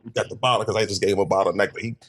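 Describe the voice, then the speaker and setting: A man from DC telling a nightclub story in casual podcast chat, acting out quoted people in a raised, shouting voice. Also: very fast, husky. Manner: animated storyteller, acts out quotes in a high shouting voice. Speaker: podcast host.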